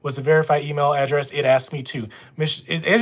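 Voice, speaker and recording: A man from Louisiana with a Louisiana accent and a voice a little higher than most men's. He chats casually on a live stream from home, talking straight to his viewers. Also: little pitch movement, fairly quick. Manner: chatty, talks straight to viewers. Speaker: notary running a live stream. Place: at home with dogs nearby.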